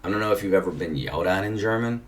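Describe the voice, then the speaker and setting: A man's voice: low voice, animated, rapid-fire. A man casually telling a long personal story, rambling and swearing, with lots of filler "like"s. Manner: rambling, profane, many filler "like"s. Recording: distant mic with faint background noise.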